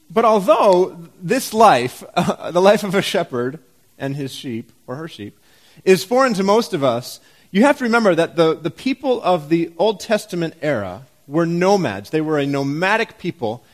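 A man preaching a sermon in a church, his voice a little higher than most. He talks in an easy, conversational way, asks the congregation rhetorical questions and drops in wry jokes. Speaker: pastor.

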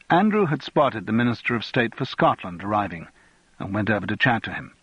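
A man narrating an audiobook in a measured, even storytelling manner. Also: fairly low pitch, slightly rough, no room sound, highs cut off.

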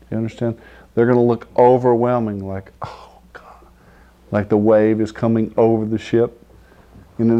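A man's voice: medium pitch, darkish tone. Male preacher, casual sermon delivery, mid-range voice, conversational and questioning. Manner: conversational, asks "do you understand?" often; acts out quoted figures with laughter. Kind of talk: informal sermon with scripture reading.

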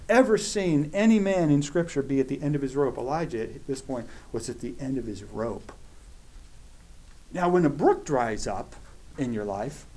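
Man preaching sunday sermon, slightly high voice, reads scripture then acts out the people in it, gets worked up. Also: a little mellow. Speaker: pastor.

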